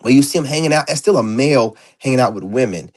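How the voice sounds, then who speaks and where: A man's voice: mid-range voice, expressive, quick pace, darkish tone. A man ranting in a casual vlog monologue, blunt and profane, rambling with lots of fillers. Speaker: vlogger. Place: indoors.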